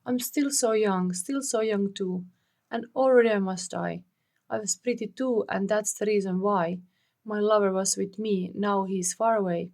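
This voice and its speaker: A woman's voice: medium pitch, fairly even intonation, normal speed, a little mellow, natural voice. A woman reading aloud, voicing a desperate young imprisoned woman who pleads frantically for her life. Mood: pleading.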